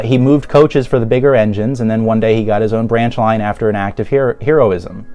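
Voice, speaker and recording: A man giving casual review commentary in a sarcastic, exasperated manner. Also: mid-range voice. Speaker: video reviewer.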